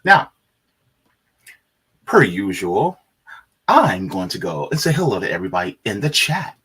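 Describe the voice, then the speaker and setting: A man's voice: on the low side, sing-song, a little slow, sharp tone, husky. A man co-hosting a live stream, greeting viewers and reading chat messages aloud with frequent laughs.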